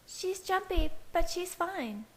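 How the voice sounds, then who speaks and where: A woman's voice: extremely high pitch, expressive, slow pace, fairly bright tone, pitched above the performer's own voice, exaggerated voice. A woman reading a fanfiction aloud, voicing a cheerful, insistent young female vampire in a raised, chiding voice. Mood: teasing.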